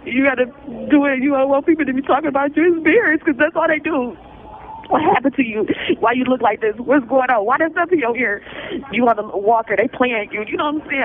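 A man's voice: very high voice, brisk. A man making an emotional appeal for support, exhausted and pleading, with nervous laughs between his words. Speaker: person pleading for public support. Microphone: phone call. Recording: tinny phone line, faint noise.

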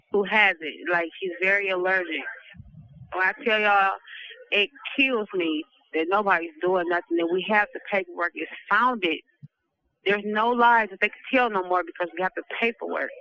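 A woman's voice: medium pitch, bright, forceful tone, clear, resonant tone. A nervous woman, calling from prison over a tinny phone line and urgently pleading for help. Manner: urgent, pleading, repeats appeals. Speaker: incarcerated caller. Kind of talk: recorded phone appeal.

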